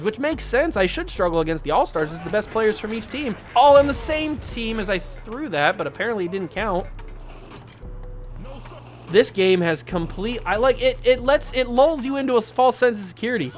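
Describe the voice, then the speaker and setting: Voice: mid-range voice, expressive, moderate pace. Exasperated gamer calling plays, faint music. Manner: exasperated, venting running commentary. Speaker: channel host. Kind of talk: video game play-by-play commentary.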